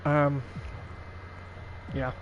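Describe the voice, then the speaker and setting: A man's voice: a little high, flat delivery, drawn-out words, muffled recording, slight background noise. A young man hosting a racing league stream, chatting casually in a wry, rambling way and laughing often. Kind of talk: casual live-stream chat.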